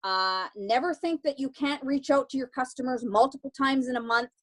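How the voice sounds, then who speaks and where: A woman's voice: high voice, moderate pace, a bit bright, rough recording. Emphatic woman giving a pep talk. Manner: emphatic, repeats advice with "okay?". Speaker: team member sharing a success story.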